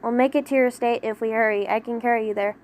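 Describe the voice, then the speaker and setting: A woman voicing a blunt, deadpan young male swordsman in a fan audio drama reading. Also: quick pace, natural voice. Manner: deadpan, blunt, low-key.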